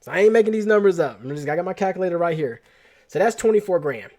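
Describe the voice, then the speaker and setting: Man host, slightly high voice, casual slangy storyteller. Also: fast. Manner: casual, animated, slangy storytelling with repeated restarts. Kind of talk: personal storytelling talk.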